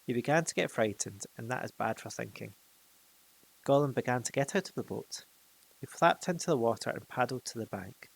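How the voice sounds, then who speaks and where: A man's voice: medium pitch, lively intonation, fairly quick, gravelly, husky, poor audio. A man reading a fantasy storybook aloud, with occasional slips and restarts. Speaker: narrator.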